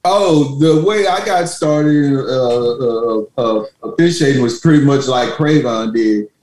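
A man guesting on a podcast as a retired football official, relaxed and joking, with halting starts. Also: medium pitch. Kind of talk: casual podcast chat. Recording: roomy echo.

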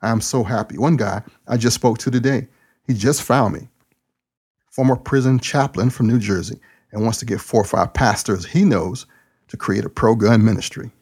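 Talking alone on his own podcast, this man, a preacher, keeps things casual, folksy, jokey and excitable. He speaks at a normal speed with a medium pitch and a husky texture.

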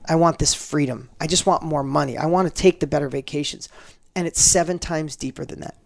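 Fast-talking gravelly middle-aged man. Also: fairly high pitch, dry recording. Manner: animated, acts out quoted dialogue, frequent restarts. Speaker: podcast guest. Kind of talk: casual interview storytelling.

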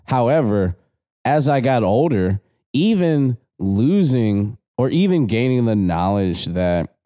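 A man's voice: mid-range voice, big pitch swings, takes it slowly, warm tone. A man on a podcast talking in a rambling, laid-back way, swearing casually. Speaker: podcast co-host.

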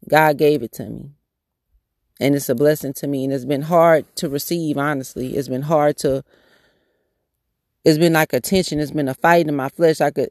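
This prayerful podcast talk comes from a man whose voice is a little high and slightly mellow. He repeats a praying rhythm and talks loosely, restarting as he goes, captured as a dry, clean studio recording.

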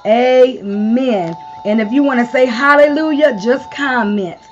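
Casting: woman preacher on a live stream, fairly high voice, dull lo-fi audio, amen-heavy call-and-response delivery. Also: unhurried. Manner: call-and-response preaching with frequent amens and long spoken lists. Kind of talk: sermon.

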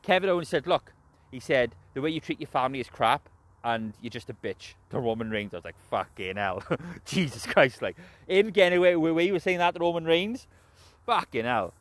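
A young man rambling through his opinions in a loose, unscripted way, swearing freely and breaking into laughter. His pitch jumps around a lot as he gets worked up. The sound is dry and close, with no room echo. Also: animated, brisk. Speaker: wrestling show reviewer. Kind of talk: casual spoken recap and opinion.

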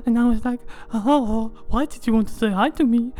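A woman's voice: normal speed, warm tone, natural voice. A woman doing a giggly, dreamy diva persona. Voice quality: giggly, breathy laughs, swooping up into high squeals. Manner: rambling, self-absorbed, naive. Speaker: podcast segment host. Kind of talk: comedic monologue segment.

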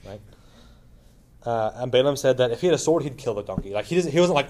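A man's voice: medium pitch, lively intonation, a little fast, a little mellow. A man teaching a Bible lesson in a casual, informal way, retelling a story with lots of asides and questions to his listeners.

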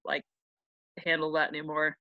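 A woman's voice: sits low, monotone, moderate pace, pushed and bright, no room sound. Woman, casual podcast chat, irreverent and sweary, dry slightly muffled recording. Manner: irreverent, joking retelling. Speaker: podcast co-host.

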